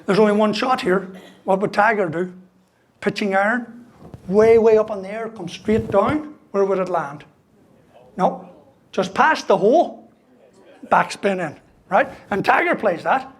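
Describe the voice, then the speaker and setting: In a funny, story-filled keynote, a motivational speaker from Ireland in his fifties talks unhurriedly with frequent pauses. His voice is high, his jokes are punchy, and "right?" ends line after line.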